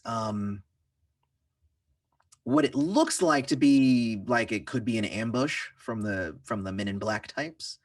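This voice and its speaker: A man game master narrating a tabletop game in a relaxed, filler-heavy way, often chuckling. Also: lowish voice, dry recording, clean studio sound, recorded from a distance.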